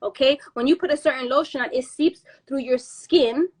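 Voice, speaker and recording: A high-pitched woman talks in a loose, animated way, jumping into other people's voices as she tells the story. Her talk is full of street slang and swearing, easy and conversational. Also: moderate pace. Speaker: podcast host. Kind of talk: casual storytelling chat.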